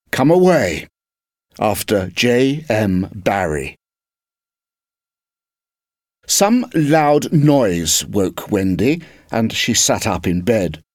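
A man reading a classic children's story aloud for a language lesson, telling it slowly and with care. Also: lowish voice, very animated, dry recording, clean studio sound. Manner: slow, deliberate storytelling. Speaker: reader of a lesson text. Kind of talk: expressive read-aloud narration.

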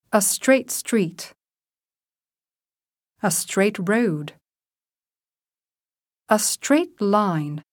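A woman reading English vocabulary drills aloud as a teacher, saying each word and example sentence slowly and deliberately. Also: medium pitch, darkish tone, no room sound, clean studio sound. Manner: clear, deliberate word-by-word enunciation.

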